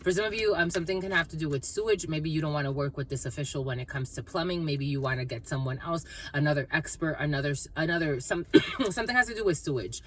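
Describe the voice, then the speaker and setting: A woman doing a casual, rambling intuitive reading, playful and quick to laugh. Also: low-pitched, slightly rough. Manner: rambling, playful, laughs often, terms of endearment. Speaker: psychic tarot reader.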